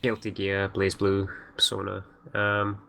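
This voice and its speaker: A man co-hosting a gaming podcast, his low voice stopping and starting as he works through each thought. He talks in an easy, casual way. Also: completely flat delivery, vocal fry, a bit bright, low-quality recording. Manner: halting, many you-knows and restarts. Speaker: podcast co-host.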